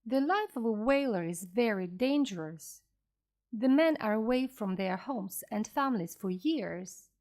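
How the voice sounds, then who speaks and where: A woman reading a classic story aloud slowly and clearly for English learners. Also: fairly high pitch. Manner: slow, clear, expressive reading. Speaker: audiobook reader for learners.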